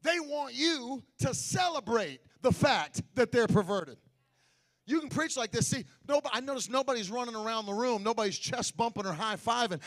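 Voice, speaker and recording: High-voiced man preaching a sermon. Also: animated, normal speed. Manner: shouting, sing-song preaching cadence that drops to a hush. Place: church sanctuary.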